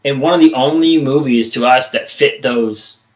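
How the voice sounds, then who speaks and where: Guy cohosting a pod, animated, does silly voices, kinda echoey room. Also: moderate pace. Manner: animated, acts out movie lines in a high voice. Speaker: podcast co-host. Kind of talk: casual chat. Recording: roomy echo.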